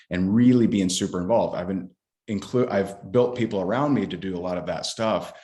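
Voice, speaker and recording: A middle-aged man, an entrepreneur guest in an interview, telling a personal story in a halting way with many fillers and restarts. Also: low-pitched.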